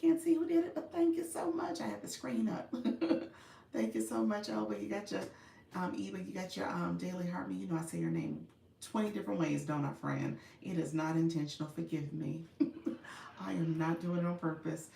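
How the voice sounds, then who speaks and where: A woman's voice: lowish voice, lively intonation, normal speed, vocal fry, dark tone, recorded from a distance. A woman in her thirties from Chicago, hosting a casual live stream, chatting and laughing often as she greets viewers. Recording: echoey room, voice a bit off-mic.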